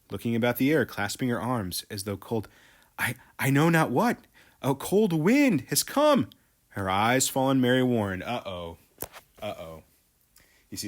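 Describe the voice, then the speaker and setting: A man teaching a literature lesson, explaining a play in detail and often checking in with "right?". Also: lowish voice. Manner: explanatory, frequent tag questions.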